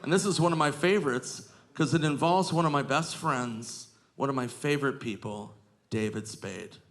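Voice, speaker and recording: A male stand-up comedian telling self-mocking stories on stage in a lively anecdotal way. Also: medium pitch, normal speed. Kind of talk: stand-up storytelling. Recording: live club recording with crowd noise. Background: audience laughter.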